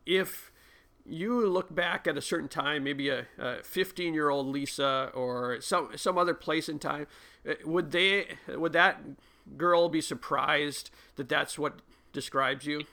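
Gravelly-voiced male interviewer. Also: fairly high pitch, sharp tone. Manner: halting, hesitant questions with many fillers. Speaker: interview host.

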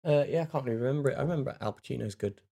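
A man co-hosting a podcast, chatting in a relaxed, easygoing way. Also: medium pitch, racing, creaky, slightly rough. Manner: relaxed, laughs along, easygoing. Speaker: podcast co-host. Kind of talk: casual chat.

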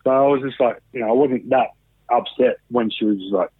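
A man's voice: medium pitch, brisk, husky. A man with an Australian accent calls in over a thin, phone-like line with no room echo. He tells his story casually and candidly, swearing freely and animating his retelling. He sounds like a man in his thirties. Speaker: guest. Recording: dry, tinny phone line.

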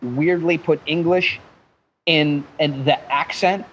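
An animated man telling a story as a podcast guest, joking and cursing freely. His voice sits on the high side and jumps around with mimicked accents. The audio is dull and lo-fi, with faint noise beneath. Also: slow pace.

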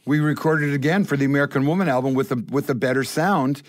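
An older Canadian man, a guest musician, telling stories in an animated way and acting out the voices of the people in them. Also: medium pitch, quick pace. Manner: acts out voices in his stories. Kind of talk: animated storytelling.

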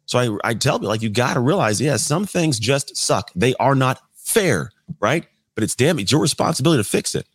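A man's voice: mid-range voice, sing-song, fairly quick, hardly any pauses, husky, no room sound. A man in his thirties, a podcast guest, telling his life story in a blunt, conversational way with occasional mild swearing. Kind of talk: candid storytelling interview.

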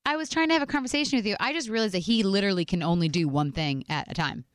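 Bubbly co-host wife, chatty and animated, close dry mic. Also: female voice, mid-range voice, rapid-fire, clean tone, no room sound. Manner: bubbly, laughs often, animated storytelling. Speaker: podcast co-host. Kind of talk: casual podcast chat.

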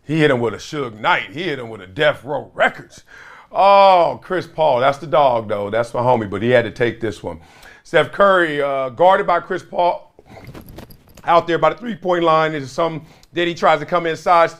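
Animated middle-aged male podcast host. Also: on the high side, moderate pace. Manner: animated, reenacts conversations, swings loud and soft. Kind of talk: casual monologue.

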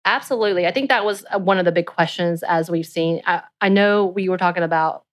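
Podcast co-host, woman in her thirties, lowish voice, animated, talks through ideas with fillers. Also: brisk. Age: 30s. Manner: animated, thinking aloud with fillers. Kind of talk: casual podcast discussion.

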